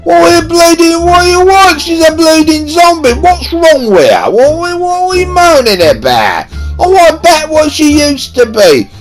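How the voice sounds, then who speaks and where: A man putting on an angry male zombie-master villain who rants in a shrill, squawking voice. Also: very animated, normal speed, soft background music. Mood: exasperated ranting.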